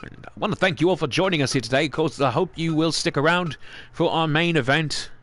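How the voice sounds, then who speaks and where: Man, wrestling commentator, excitable and theatrical, fairly high voice, bright tone. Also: a little fast. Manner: excitable, theatrical announcer delivery.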